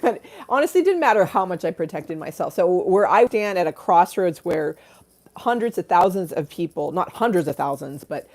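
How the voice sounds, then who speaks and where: A woman's voice: on the low side, sing-song, moderate pace, a little mellow. A middle-aged woman hosting a livestream, telling stories in a casual, chatty way, often laughing and acting out the voices in them. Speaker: livestream host.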